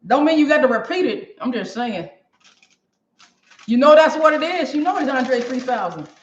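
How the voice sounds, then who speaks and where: A woman's voice: sits high, lively intonation, normal speed. Brief: woman, cooking-stream host, loose and chatty with viewers, roomy and slightly muffled kitchen sound. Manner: chatty, talks straight to viewers. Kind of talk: casual live cooking stream chat. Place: home kitchen. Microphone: camera on a stand for a live stream.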